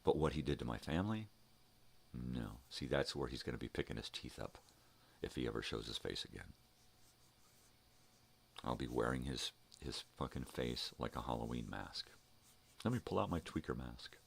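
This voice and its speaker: A man's voice: rumbling low, expressive, normal speed, vocal fry, long pauses, slight background noise. An older man hosting his own vlog, telling a heated, profanity-filled story in a casual ranting monologue. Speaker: vlog host. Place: home.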